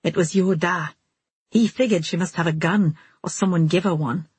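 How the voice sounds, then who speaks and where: A calm, steady young man tells what happened in a gentle, earnest way, read by a woman. The voice sits low and soft with a breathy edge. The audiobook recording is close and dry. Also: normal speed, no echo.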